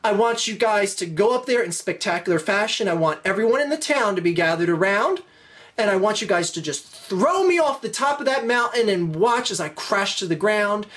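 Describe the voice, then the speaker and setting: A woman's voice: mid-range voice, animated, normal speed, natural voice. A woman voicing a vain, self-important young man who speaks grandly in a spoken joke. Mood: grandiose.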